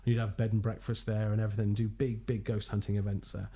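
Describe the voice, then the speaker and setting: A man, a ghost hunter telling animated anecdotes in casual podcast chat, laughing often and acting out quotes. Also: on the low side, fast talker.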